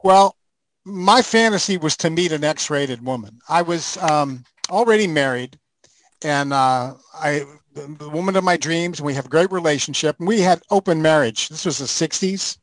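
Older man telling animated stories, high voice. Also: moderate pace, rough recording. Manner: animated raconteur, acts out scenes. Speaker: guest. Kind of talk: casual storytelling chat.

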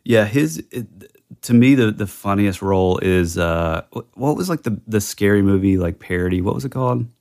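A man's voice: on the low side, expressive, normal speed, darkish tone. A man co-hosting a podcast, chatting casually and agreeably about movies. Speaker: podcast co-host.

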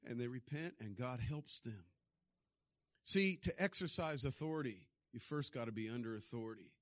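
A man's voice: medium pitch, animated, moderate pace, no room sound. Storytelling preacher man, dry sound. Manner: storytelling, acts out voices with big swings in loudness. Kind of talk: sermon.

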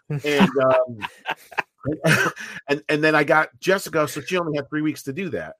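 A man's voice: on the high side, brisk. Profane, rambling man telling stories. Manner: rambling, profane, animated storytelling with restarts. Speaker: writer and producer of a fan film, guest. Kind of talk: casual podcast interview.

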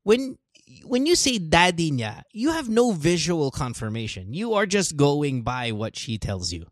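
A man hosts a casual talk show, teasing his guest with probing questions. His voice sits high and swings widely, recorded close and dry. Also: big pitch swings, unhurried, no echo. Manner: teasing, probing questions, mixes English and Tagalog. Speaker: podcast host. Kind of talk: casual chat.

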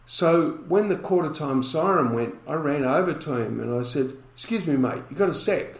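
A man's voice: fairly high pitch, lively intonation, normal speed, echoey room, rough recording. A man, a podcast guest telling a story and acting out the dialogue in it.

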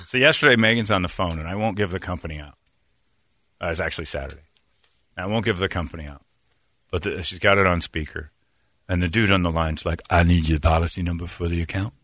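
Male comic host, slightly low voice, casual rambling storyteller. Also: fast, pauses often, pushed and bright, no room sound. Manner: rambling, laughs often. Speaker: podcast host.

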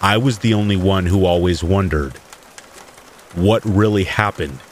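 A man with a lowish voice reads spooky first-person stories in a calm, measured way. Light rain patters steadily under his narration. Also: a little hiss or hum. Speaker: podcast storyteller. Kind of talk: scripted horror story narration.

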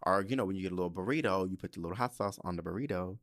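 A man hosting a podcast, telling a profane, animated story in a casual, sassy rant full of asides. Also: deep voice, very fast. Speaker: podcast host.

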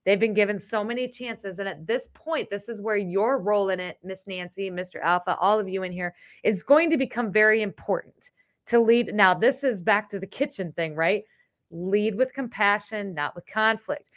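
A young adult woman hosting a casual live podcast, chatty and animated, laughing often and restarting her sentences. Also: mid-range voice, brisk. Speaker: podcast host. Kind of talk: casual live-stream chat.

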